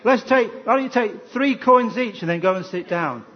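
A man leading a playful Christmas children's talk in church, lively and animated. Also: sits high, normal speed, highs cut off. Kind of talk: Christmas family service talk.

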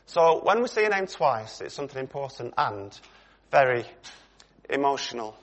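A man's voice: medium pitch, very animated, normal speed. A middle-aged man preaching a sermon in a conversational way, putting questions to his congregation.

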